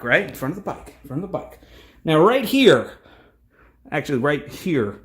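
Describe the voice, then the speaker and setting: A man in his thirties, a family vlogger, telling a long story in a rambling, animated way with lots of fillers. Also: a little high, moderate pace, pauses often. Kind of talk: casual storytelling vlog.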